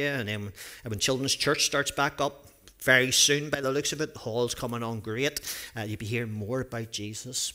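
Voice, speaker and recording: A man giving a children's talk in a church service, telling a story with lively character voices. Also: medium pitch.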